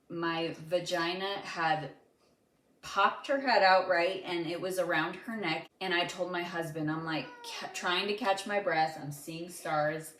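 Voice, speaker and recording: A young mother tells a birth story in a bright, forceful voice, animated and a little dramatic, with plenty of fillers. She sounds low for a woman. The room rings with echo, and faint noise sits behind her. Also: takes it slowly. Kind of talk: casual storytelling to camera.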